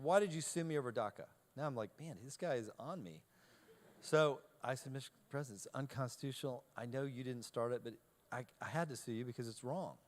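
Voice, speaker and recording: A man giving a talk to a youth audience, telling a self-deprecating anecdote in a lively way and acting out each exchange. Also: mid-range voice. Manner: animated storyteller, self-deprecating, acts out dialogue. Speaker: keynote speaker. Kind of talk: humorous anecdote told to a live audience.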